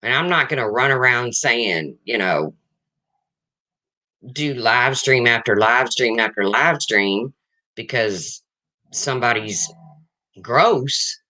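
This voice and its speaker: A livestream host in their fifties speaks bluntly and frankly, casually answering viewers in the chat and repeating points. The mid-range voice has lively intonation and a sharp tone, moving slowly with long pauses.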